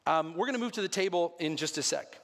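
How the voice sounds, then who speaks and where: A man's voice: a little high, expressive, fast talker, a bit bright. A man in his thirties, a pastor, preaching a sermon in an earnest, conversational way with self-deprecating asides. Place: church sanctuary. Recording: long hall reverb.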